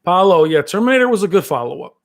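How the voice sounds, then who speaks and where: A man on a home live stream, reading viewer comments and riffing on them in a loose, rambling way. His voice sits a little high for a man and swings widely in pitch as he gets excited. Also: fast. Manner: rambling, excitable, with frequent fillers.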